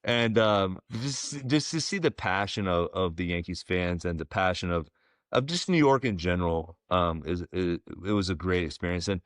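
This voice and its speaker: A man in his forties, a former ballplayer, telling stories as a podcast guest in a relaxed, rambling way with plenty of fillers. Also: low voice, normal speed, no echo, clean studio sound. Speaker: guest, former pro baseball player. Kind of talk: casual storytelling interview.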